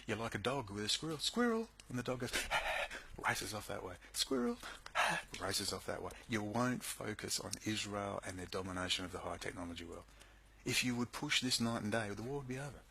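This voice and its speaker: A man's voice: lowish voice, gravelly, bright, forceful tone, slight background noise, low-quality recording. A man speaking into his computer microphone, delivering an agitated, sarcastic rant to his viewers. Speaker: video blogger. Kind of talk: angry monologue to camera. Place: at home at a computer.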